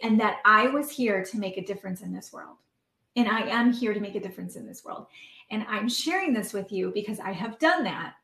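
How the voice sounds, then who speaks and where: A woman in her thirties giving a heartfelt motivational talk as a podcast host and coach, earnest and emotional, with many fillers. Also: mid-range voice. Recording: roomy echo.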